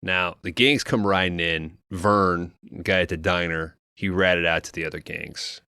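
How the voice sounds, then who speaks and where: A man casually recapping a film plot on a podcast, loose and profane, acting out characters' lines in quick asides. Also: sits low, fairly even intonation, bright, forceful tone, smooth, dry recording, clean studio sound. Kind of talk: casual movie recap chat.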